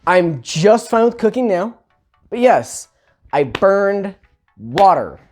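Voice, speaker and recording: A man telling a funny personal story in a casual, animated, self-mocking way, with sarcastic asides. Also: high voice, slow pace, faint music behind.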